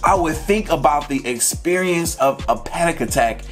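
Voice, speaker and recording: A man's voice: fairly high pitch, expressive, moderate pace, faint music behind. A man vlogging, talking candidly and emotionally to his viewers about his own experiences in a casual, personal way. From Georgia, USA. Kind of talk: personal storytelling to camera.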